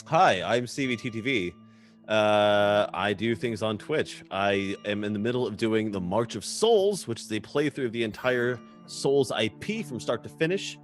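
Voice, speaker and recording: A man's voice: lowish voice, moderate pace, faint music behind. A man, a player in the game, talking bluntly and sardonically. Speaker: player, streamer. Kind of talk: casual chat.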